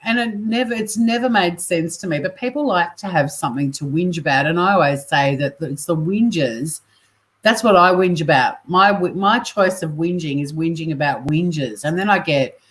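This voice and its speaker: A woman's voice: on the low side, moderate pace, a bit bright. A woman co-hosting a podcast in casual chat, blunt and sweary, ranting with energy. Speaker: podcast co-host.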